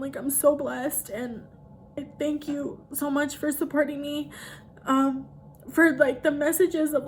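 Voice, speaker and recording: A woman with a somewhat high voice, talking straight to camera in a personal vlog. She is chatty and emotional, and fills her sentences with "like" and "you know". Faint noise sits behind her. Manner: chatty, emotional, heavy use of "like". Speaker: vlogger.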